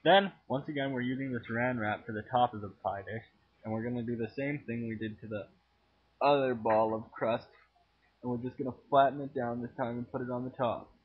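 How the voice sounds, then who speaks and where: A teenage boy goofing around while he films himself cooking at home, crude and joking, with sudden loud yells. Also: medium pitch, fairly even intonation, fairly quick, slightly rough. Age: teens. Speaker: home cooking video maker. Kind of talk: goofy profane cooking vlog. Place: home kitchen. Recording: tinny lo-fi home camera audio.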